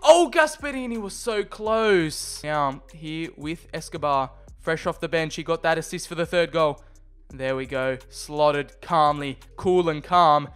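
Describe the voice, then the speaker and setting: A young man calls the action of his own football video game match, moving between calm narration and loud excited shouts. His voice sits high, bright and smooth. Faint music plays underneath. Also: unhurried. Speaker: gaming video creator. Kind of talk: self-commentary over a football video game.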